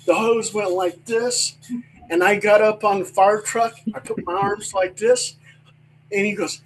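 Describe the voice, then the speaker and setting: An older man telling stories from his working life in a casual chat, animated and swearing freely. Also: high voice, measured pace, a little hiss or hum, rough recording. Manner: animated storyteller, swears freely, acts out voices.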